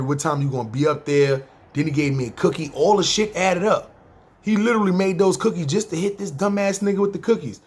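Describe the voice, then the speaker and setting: A man's voice: a little high, husky. A man with a New York accent telling a personal story on a podcast in a laid-back, profane way, acting out what others said and repeating his catchphrases. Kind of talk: casual spoken storytelling.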